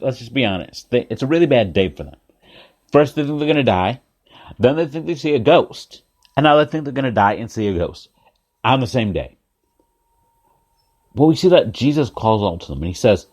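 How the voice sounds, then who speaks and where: A man preaching in a mid-pitched voice, telling a story with lively, repetitive phrasing. He turns to his listeners often with direct questions. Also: normal speed, pauses often. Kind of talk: sermon.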